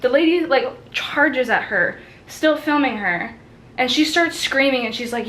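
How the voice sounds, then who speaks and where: A young woman in her twenties recounts a story to a friend in a loose, filler-heavy way, acting out the lines of the people in it. Her voice sits a little high. A faint hiss runs under the recording. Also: normal speed, a bit bright, low-quality recording. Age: 20s. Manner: chatty, many "like" fillers, acts out quotes. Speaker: college student vlogger. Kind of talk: casual storytelling.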